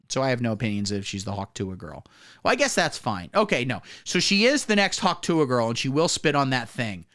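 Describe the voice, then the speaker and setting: A man's voice: medium pitch, big pitch swings, brisk, fairly bright tone. A man hosting a comedy livestream, riffing with crude, profane, mocking commentary. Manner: profane, rambling, mocking riffs.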